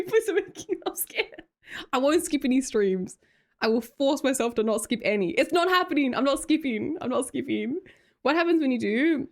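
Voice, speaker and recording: A woman's voice: mid-range voice, darkish tone. A young Australian woman chatting casually on a live stream, reading out chat, teasing viewers, laughing often and swearing casually. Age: young adult.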